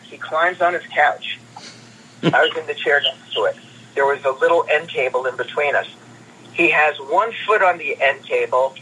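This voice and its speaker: A man, a guest comics producer, telling animated stories in an interview and repeating words as he goes. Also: on the high side, slightly rough, poor audio. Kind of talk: anecdotal interview storytelling.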